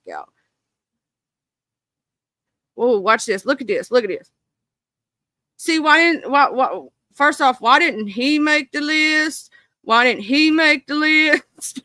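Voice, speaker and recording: A woman with a bright, sharp voice chats casually on a live stream, reading a list and then firing off indignant asides. Her delivery sits a bit high, and the sound is close and dry, with no room around it. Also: no echo. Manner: reads a list aloud, then breaks into indignant swearing asides to her viewers.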